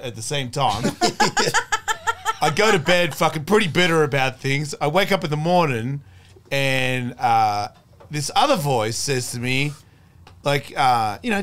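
This middle-aged podcast guest has a high-leaning, somewhat bright voice that's very animated, yet his pace stays measured. He tells a long, rambling story full of swearing, acting out what others said.

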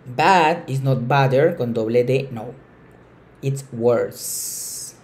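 A woman teacher explaining grammar emphatically, often repeating key words and slowing down on examples. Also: a bass voice, a little mellow, slight background noise. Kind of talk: bilingual classroom explanation.

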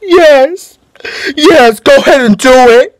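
A man's voice: animated, takes it slowly, exaggerated voice. An actor playing a frightened, broken young man in his twenties who pleads while crying. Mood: despairing. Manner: pleading, sobbing, high and strained.

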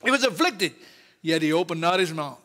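A man's voice: fairly high pitch, expressive, fairly quick, bright, forceful tone. A man with a Louisiana Southern accent preaching a fervent sermon as pastor in a church, often exclaiming praise and hallelujah. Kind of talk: Pentecostal-style sermon. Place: church sanctuary.

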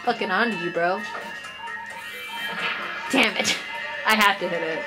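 Excitable young woman gaming over music. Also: medium pitch, measured pace, low-quality recording. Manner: excitable, swears, laughs at herself. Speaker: vlogger playing a game. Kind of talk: casual gaming commentary.

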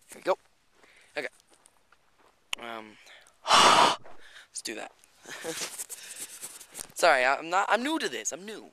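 A man's voice: medium pitch, moderate pace, long pauses, background noise. A man vlogging outdoors in rural hills by a creek, filming with a handheld camera, rambling and swearing casually, a little out of breath. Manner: rambling, swears a lot, chatty asides. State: slightly out of breath. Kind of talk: casual walking vlog.

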